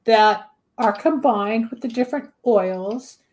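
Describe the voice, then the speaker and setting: Chatty lady host, slightly high voice, walks through candle stuff with cooking comparisons. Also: takes it slowly, a little mellow. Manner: chatty, explains with everyday examples. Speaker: host, candle magic practitioner. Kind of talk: casual talk show chat.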